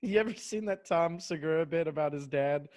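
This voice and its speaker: A man, a comedian guest, chatting casually and telling jokey stories with quick restarts over a home mic. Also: a little high, darkish tone, no echo, studio quality. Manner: quick, joking storyteller with restarts. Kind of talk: casual chat. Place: home, remote. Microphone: home microphone, remote call.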